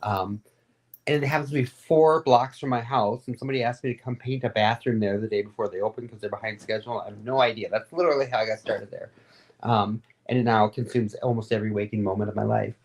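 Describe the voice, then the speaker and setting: A woman being interviewed, telling stories in a rambling, animated and candid way, with frequent fillers. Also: extremely low pitch, fast talker. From Florida. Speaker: guest, advocate and radio host. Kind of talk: casual interview storytelling.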